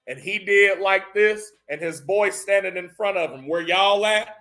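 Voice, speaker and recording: A man telling a profane, animated comedic recap of a film, acting out the characters' lines as he goes. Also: high-pitched, unhurried.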